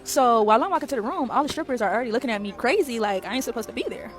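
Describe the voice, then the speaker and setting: A woman recounting a story in a casual storytime. She talks quickly in a somewhat high voice, chatty and direct with her audience. She is recording at an airport. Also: lively intonation, soft background music. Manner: chatty, addresses viewers as y'all.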